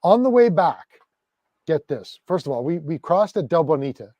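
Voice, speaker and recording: A man's voice: on the high side, moderate pace, dry recording, highs cut off. Canadian man telling a story on a dry mic. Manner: animated storytelling, swears freely, acts out quoted exchanges. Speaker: podcast co-host. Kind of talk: casual chat.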